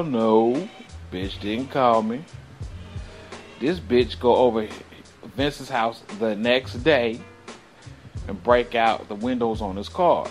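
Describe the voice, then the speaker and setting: A man's voice: medium pitch, lively intonation, faint music behind. A man hosting his own show, telling a rambling personal story full of slang and swearing, sighing between thoughts. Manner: loose, slang-heavy, swearing constantly, drawn-out sighs. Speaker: show host. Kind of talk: profane storytelling monologue.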